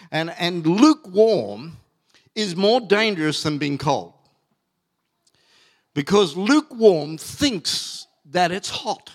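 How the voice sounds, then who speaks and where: A middle-aged pastor preaches from the pulpit in a voice slightly high for a man. He stresses key words hard and draws them out, with many fillers and restarts between them.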